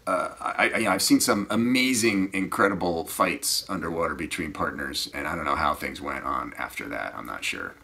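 A man who teaches scuba, telling rambling, animated stories in a casual way that often trails off quietly. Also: a bass voice, moderate pace, vocal fry, few pauses, a little hiss or hum. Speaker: scuba diving instructor. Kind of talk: casual anecdotal storytelling.

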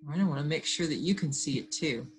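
A woman's voice: low-pitched, quick pace. A woman teacher leading an online class, upbeat and talking through each step. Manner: upbeat, talks through her screen steps.

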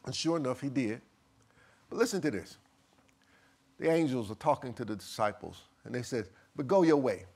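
Preaching from the pulpit, this male pastor reads scripture in a steady, measured rhythm, dropping to soft, low stretches before rising into loud, high outbursts. His intonation is lively, with a creaky, breathy edge.

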